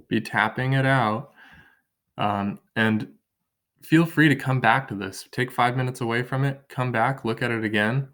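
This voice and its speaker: A man's voice: medium pitch, a bit bright. A man teaching an online writing lesson from his kitchen table, thinking aloud and counting syllables as he drafts.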